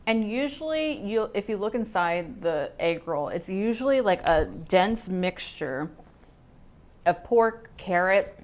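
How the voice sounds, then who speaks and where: A woman guest chatting casually and warmly about food she loves. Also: medium pitch, animated, takes it slowly. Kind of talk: casual chat.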